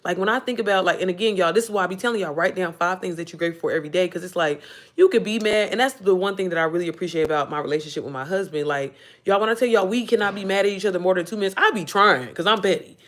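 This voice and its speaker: A woman's voice: on the low side, rapid-fire. A woman in her thirties hosting a casual livestream, talking animatedly with lots of swearing and reading out viewer comments. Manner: animated, profane, calls viewers "baby" and "y'all"; reads and answers viewer comments. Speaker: livestream host. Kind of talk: casual motivational livestream chat.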